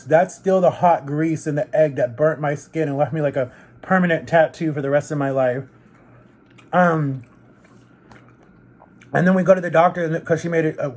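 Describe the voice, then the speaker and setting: A man tells a story on camera while eating, pausing between bites. His voice sits a little high for a man, and the telling is animated and loose, full of "like" and "literally." It is relaxed vlog chat, not a polished performance. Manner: animated, rambling, fillers of like and literally. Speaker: vlogger. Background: eating on camera between sentences.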